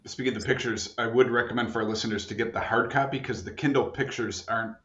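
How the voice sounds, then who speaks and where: A man hosting a podcast, asking questions in a relaxed way with fillers. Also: mid-range voice, quick pace, slight background noise. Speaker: podcast host. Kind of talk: casual podcast interview. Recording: roomy, slightly muffled.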